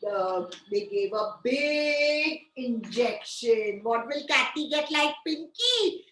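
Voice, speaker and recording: Woman teacher, high voice, slow and sing-song, coaxing little kids, echoey room. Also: animated, fairly bright tone. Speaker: preschool teacher. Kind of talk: storytelling lesson for young children.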